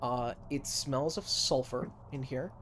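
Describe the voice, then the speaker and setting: Man, game master, mid-pitched, relaxed descriptive narration, noisy background. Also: slow pace.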